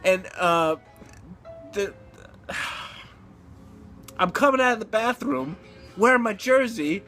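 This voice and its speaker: A middle-aged man ranting casually about football, animated, exclaiming and laughing as he talks. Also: high-pitched, slow, faint music behind. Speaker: sports betting vlogger. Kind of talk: casual sports rant.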